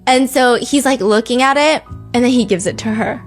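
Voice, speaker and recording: A woman in her thirties tells a story on a podcast, her voice pitched a little high. She slips into quoted voices as she talks. Faint music plays behind her. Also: fairly quick. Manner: animated, acts out quotes in shifting voices. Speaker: podcast host. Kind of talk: casual storytelling chat.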